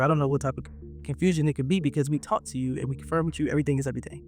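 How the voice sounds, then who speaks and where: Casual male vlogger, animated storyteller, rapid talker. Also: fairly high pitch, soft background music. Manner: animated, acts out quotes, talks straight to viewers.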